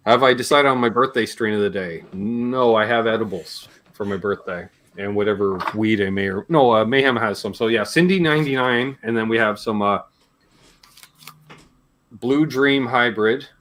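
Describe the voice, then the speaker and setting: A man's voice: on the low side, moderate pace, a bit bright, a little hiss or hum. A man in his forties from Canada, hosting a live guitar Q&A stream in casual, jokey chat. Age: 40s. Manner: rambling and jokey, laughs between remarks.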